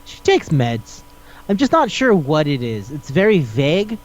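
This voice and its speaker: Man, podcast host, casual chat, fairly high voice, swears a lot, rambling, dull lo-fi sound. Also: very animated, a little slow. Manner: rambling, profane, acts out dialogue as he retells.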